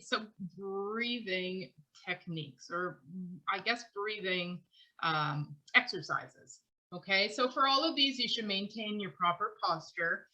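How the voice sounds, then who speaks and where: Bright-voiced chatty woman vocal teacher. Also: medium pitch, poor audio. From Canada. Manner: chatty, laughs between thoughts, long run-on phrases. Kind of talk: online class lecture.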